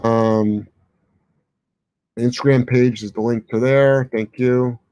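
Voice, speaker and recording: Brief: man, dog trainer, casual swearing, dry close-mic, average pitch. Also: fairly even intonation, slow pace, mellow, no room sound. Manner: blunt, opinionated, swears casually. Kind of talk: live Q&A answering viewer questions.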